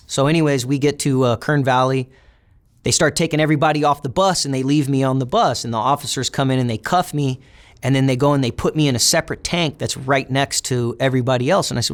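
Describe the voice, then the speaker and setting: A man's voice: medium pitch, fast. Casting note: adult man, mid-range voice, recounting street life plainly and bluntly, with casual cursing. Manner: blunt, swears freely, many fillers. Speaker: interviewee. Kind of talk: casual storytelling interview.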